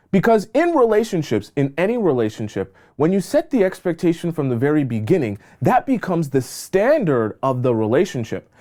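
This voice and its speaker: Emphatic man with a lively, high-ish voice. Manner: emphatic, acts out both sides of little scenes with squeaky high voices for the woman. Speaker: dating coach. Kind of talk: direct-to-camera advice monologue.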